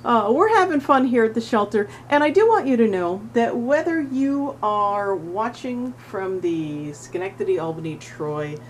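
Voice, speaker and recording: A middle-aged woman volunteering at an animal shelter, chatting casually to the camera and cooing at a cat in a high sing-song voice, laughing often. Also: expressive, a little slow, hardly any pauses, a little hiss or hum, rough recording. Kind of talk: casual vlog talking to a cat.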